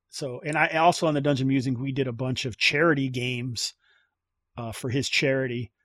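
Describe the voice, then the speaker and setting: A man's voice: medium pitch, fairly even intonation, moderate pace, a bit bright. A man hosting a casual podcast chat about tabletop games, rambling with many fillers and restarts. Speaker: podcast host.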